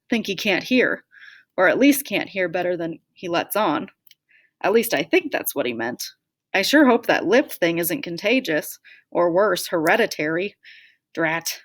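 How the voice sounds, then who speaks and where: A woman's voice: lowish voice, a bit bright, no room sound, studio quality. A woman reading a first-person audiobook with a wry, self-deprecating way of telling it. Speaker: audiobook narrator.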